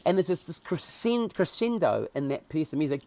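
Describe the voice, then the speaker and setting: A man with a New Zealand accent, a podcast guest telling stories in a casual interview with animated, emotional delivery. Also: on the high side, normal speed, hardly any pauses.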